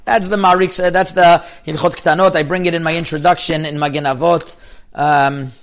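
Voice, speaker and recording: High-voiced rabbi giving an emphatic lecture. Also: male voice, steady tone, a bit bright. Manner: emphatic, rapid bursts with frequent restarts; mixes in Hebrew and yeshiva terms. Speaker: rabbi teaching Jewish law. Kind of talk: Torah lecture.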